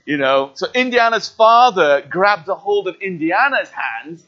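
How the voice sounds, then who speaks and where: A man preaching a sermon, telling a story in an animated way and acting out its scenes. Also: sits high, moderate pace, highs cut off. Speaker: pastor.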